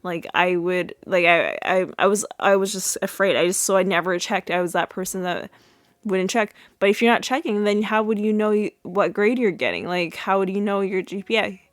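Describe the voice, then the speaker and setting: A woman's voice: medium pitch, normal speed, dry recording. A young woman podcast host recapping a sitcom episode in a chatty way, full of fillers and restarts. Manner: chatty, many fillers and restarts, laughs at own retelling.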